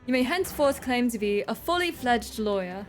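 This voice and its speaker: A man's voice: very high-pitched, animated, normal speed, faint music behind. A woman voicing an imposing older male British judge in a posh British accent, formal and commanding. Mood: stern formal. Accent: posh British, attempted.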